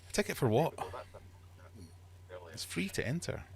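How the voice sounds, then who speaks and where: A man's voice: a little high, big pitch swings, unhurried, a little mellow. A man from Scotland hosting a casual livestream, chatty and jokey as he reads out viewer comments. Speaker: livestream host.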